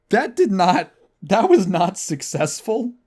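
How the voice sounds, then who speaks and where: A man's voice: high-pitched, a little mellow, husky. Rambling, profane young man podcasting. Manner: rambling, profane, self-mocking. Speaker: podcast host. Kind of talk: casual podcast monologue.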